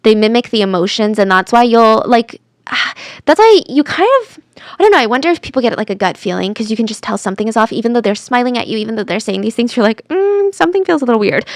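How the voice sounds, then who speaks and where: Female storyteller, casual and animated, slightly high, dry close sound. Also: fairly quick, dry recording. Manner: chatty, animated, drops to whispers for drama. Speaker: true crime storyteller. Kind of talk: casual true crime storytelling.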